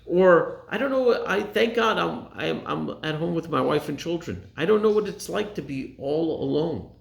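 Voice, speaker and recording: A man in his forties speaks as a rabbi with a rough, gravelly texture and a voice pitched a little high. He talks earnestly and stresses his points by repeating phrases. The sound is echoey, as if recorded in a reflective room. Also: lively intonation, normal speed. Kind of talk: motivational talk to a congregation.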